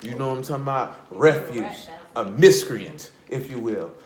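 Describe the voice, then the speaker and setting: A man preaching a sermon in a blunt, animated street style, mixing scripture reading with slang. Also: mid-range voice, normal speed. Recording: echoey room.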